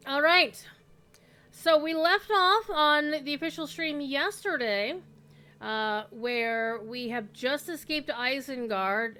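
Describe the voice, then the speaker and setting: A woman's voice: fairly high pitch, sharp tone. A woman streaming an online role-playing game, chatting casually to viewers and to her pet, with an easy, swearing-friendly manner. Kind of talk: casual live-stream chat.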